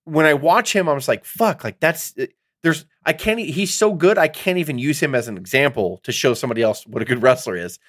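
Rambling, excitable middle-aged man. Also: medium pitch, fast, no echo, clean studio sound. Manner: rambling, excitable, heavy swearing. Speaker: podcast co-host. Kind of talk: casual chat.

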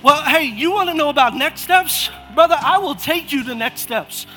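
A pastor preaches with high, bright energy, his voice pitched unusually high for a man. He urges his church on, calling out members by name and pressing "come on" again and again, while soft music plays beneath. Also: animated, normal speed. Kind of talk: lively sermon to a congregation. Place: church auditorium.

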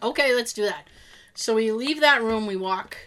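A woman co-hosting a podcast, telling a story in a casual, animated way and acting out what people said. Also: a little high, normal speed. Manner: animated, laughing, acts out quotes. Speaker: podcast co-host.

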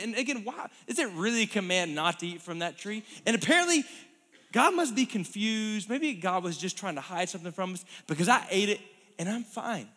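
A man voicing Eve as a naive, excited young woman who chatters and sweet-talks. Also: high-pitched, heavily acted. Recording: long hall reverb.

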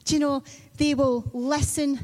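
Preaching a sermon, a woman tells stories conversationally and acts out children and figures from the Bible. Her high voice has a darkish tone, with a flat delivery at a measured pace.

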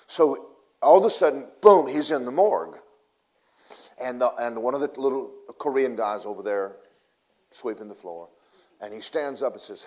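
Animated folksy male preacher. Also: medium pitch, moderate pace. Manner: animated, swings from loud to hushed; casual, folksy phrasing. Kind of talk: storytelling sermon.

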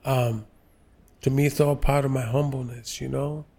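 A man in his sixties from New York's Lower East Side, an actor telling stories in an interview, slow and halting with many fillers. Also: fairly even intonation, creaky, mellow. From New York, Lower East Side. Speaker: actor, guest. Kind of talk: relaxed interview storytelling.

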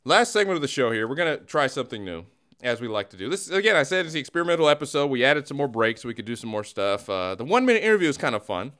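Male host, lively, mock-dramatic sports banter. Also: medium pitch, rapid-fire, clear, resonant tone. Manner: animated, teasing, mock-dramatic. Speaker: podcast host. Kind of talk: casual comedic sports chat.

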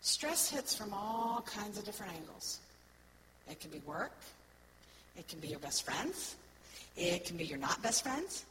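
A woman giving an earnest sermon-style talk to a congregation, often checking in with "right?" and swinging between soft, slow words and loud, stressed ones. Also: medium pitch, big pitch swings, background noise. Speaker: church speaker.

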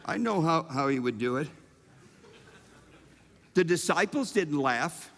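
Lively high-pitched man preaching in a hall. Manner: emphatic and humorous, with dramatic pauses. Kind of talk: sermon. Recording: reverberant hall.

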